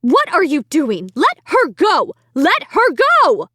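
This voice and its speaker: A woman's voice: high voice, wildly swooping pitch, slow pace, no room sound, studio quality, voice pushed up, full character voice. A woman playing a frantic angry mother. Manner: impatient, frantic and scolding.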